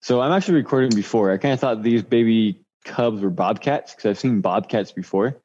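A man's voice: on the low side, brisk, a little mellow. Laid-back man with a dull, lo-fi sound. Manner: laid-back, rambling with fillers. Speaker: guest recounting a cougar encounter. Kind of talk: casual interview.

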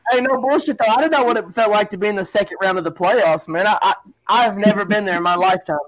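A man's voice: high voice, quick pace, slight background noise, poor audio. A man in his thirties co-hosting a podcast, talking football in casual, emphatic chat. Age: 30s. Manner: animated, emphatic, talks over others. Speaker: podcast co-host.

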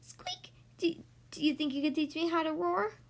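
A woman voicing a small, timid male mouse who stammers and squeaks nervously. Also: fairly even intonation, a little fast, vocal fry.

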